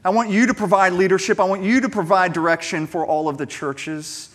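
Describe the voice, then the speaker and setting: A man voicing an apostle giving earnest instructions, in a higher, louder voice than his own. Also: steady tone, a little fast.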